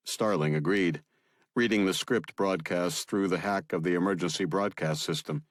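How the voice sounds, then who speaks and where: A man narrating an audiobook in a steady, measured manner. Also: low-pitched, no room sound, clean studio sound.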